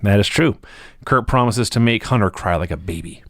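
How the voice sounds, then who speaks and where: A man's voice: lowish voice, moderate pace, fairly bright tone, no echo, studio quality. A man co-hosting a casual chat, agreeing with his partner and reading out recap notes. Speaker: podcast co-host.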